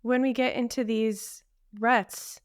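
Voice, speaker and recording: A woman's voice: a little high, steady tone, slow, clear, resonant tone, no echo, clean studio sound. A woman co-hosting a casual podcast chat, a supportive listener who affirms her partner often. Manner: supportive, affirming listener with many murmured agreements. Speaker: podcast co-host.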